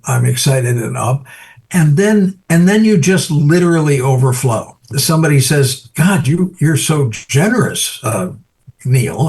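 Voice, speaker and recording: An older American photographer in an interview, talking reflectively and acting out little scenes in a lively voice. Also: male voice. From United States. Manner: animated storyteller, acts out quoted voices with big pitch jumps. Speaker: photographer guest.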